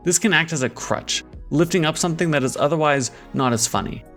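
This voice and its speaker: Measured male video-essay narrator. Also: fairly high pitch, a bit bright, soft background music. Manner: measured, analytical. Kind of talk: scripted narration.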